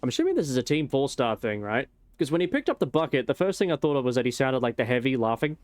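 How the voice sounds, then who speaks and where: A man's voice: medium pitch, very animated, quick pace, darkish tone, no room sound. A young man casually rambling and joking while he streams a game, with some swearing. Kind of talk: casual gameplay commentary.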